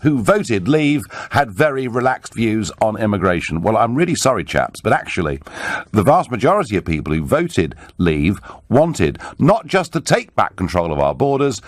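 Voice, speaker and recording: Emphatic radio host, lively swings. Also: male voice, fairly low pitch, no room sound, clean studio sound. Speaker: radio talk show host. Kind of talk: talk radio interview and phone-in. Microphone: studio microphone.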